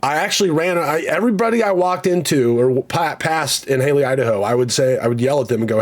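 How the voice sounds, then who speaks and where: A man's voice: a little high, expressive, quick pace, few pauses. A man streaming casually, rambling and joking about himself, swearing freely and reading out chat comments.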